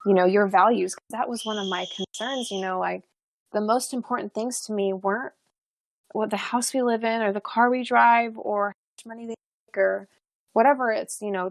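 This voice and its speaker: A woman's voice: mid-range voice, no echo. A young adult woman, a podcast guest, telling a personal story in a chatty way, full of fillers and restarts and frequent laughs.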